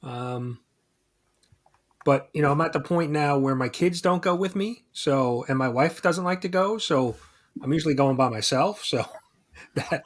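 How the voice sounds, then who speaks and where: A man's voice: a little high, unhurried. A middle-aged man on a casual podcast, hesitant and thinking aloud as he answers. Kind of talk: casual chat.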